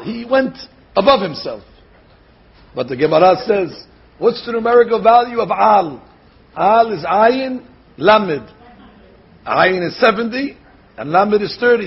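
A man giving a Torah class as a rabbi, animated, slowly sounding out words to show how they should be said. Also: high voice, slightly rough. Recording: dull lo-fi recording.

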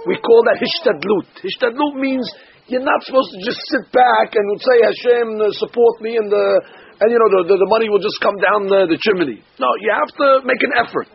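Very raspy high-voiced man teaching. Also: brisk. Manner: earnest, repeats words while searching for them. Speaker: rabbi teaching a class. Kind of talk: Torah class with storytelling. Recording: dull lo-fi recording.

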